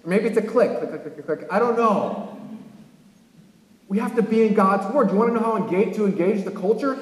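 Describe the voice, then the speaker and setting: A man from California preaching a sermon as pastor, animated, with sudden emphatic rises. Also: high-pitched, fairly quick. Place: church sanctuary. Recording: echoey church hall.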